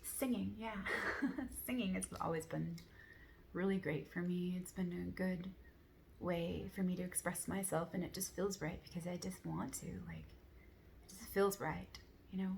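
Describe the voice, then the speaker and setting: A woman speaking in a soft, earnest, rambling way, full of casual fillers, sharing reflections in a relaxed monologue. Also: fairly low pitch, normal speed, vocal fry, slight background noise. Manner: soft, rambling, many "like" fillers, gentle laughs; earnest, affirming. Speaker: spiritual vlogger.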